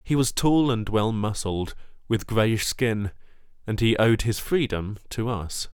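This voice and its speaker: A man reading a first-person story in measured audiobook narration, close to the mic. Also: fairly low pitch, lively intonation, darkish tone, clear, resonant tone, no echo.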